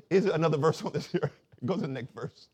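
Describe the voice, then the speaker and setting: A male pastor from Florida preaching a sermon, calling on the congregation to answer and swelling loud on key points. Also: a little high, a little fast, slightly rough.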